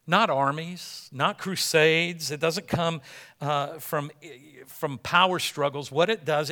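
Bright-voiced man preaching a sermon. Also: fairly high pitch. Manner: conversational preaching, rising to emphatic peaks. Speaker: pastor.

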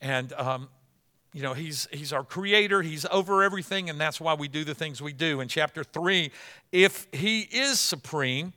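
Middle-aged male pastor, sermon delivery, conversational stories building to emphatic preaching; bright, slightly high voice. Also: moderate pace. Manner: conversational storytelling, then rising to emphatic preaching.

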